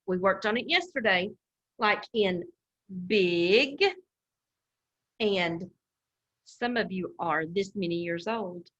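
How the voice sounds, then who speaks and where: A woman's voice: medium pitch, fairly bright tone, dull audio. A woman teacher giving a recorded phonics lesson to young children, talking patiently and stretching out each sound. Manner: slow, patient, drawn-out enunciation of sounds. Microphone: camera.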